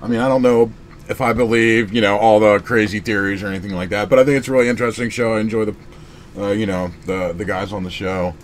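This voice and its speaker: A man's voice: on the low side, fast talker, slight background noise. A man hosting a casual card-opening video, chatting in a rambling way to his viewers. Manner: excitable, shouts and whoops over big pulls. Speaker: card breaking channel host.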